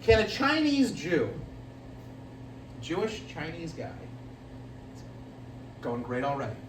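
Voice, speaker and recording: High-pitched rambling comedian on a live stage. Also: male voice, sing-song, takes it slowly, reverberant, far from the mic, noisy background. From Italian-American family. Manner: loose, rambling, says he is high, laughs at own jokes. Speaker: stand-up comedian.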